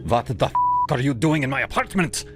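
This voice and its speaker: A man's voice: medium pitch, expressive, brisk, over music, pitched above the performer's own voice, close to an everyday voice. A man voicing a furious middle-aged stranger with an Eastern European accent and broken English, bellowing. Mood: enraged. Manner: bellowing, ranting.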